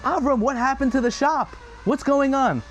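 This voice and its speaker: A man voicing a furious middle-aged father who owns an idol shop, shouting in exasperation. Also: very high-pitched, moderate pace, lo-fi sound, pitched above the performer's own voice.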